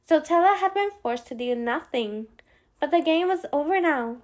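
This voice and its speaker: A woman narrating a novel as an expressive audiobook reader. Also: high voice, normal speed. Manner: expressive reading with small slips. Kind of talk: scripted narration.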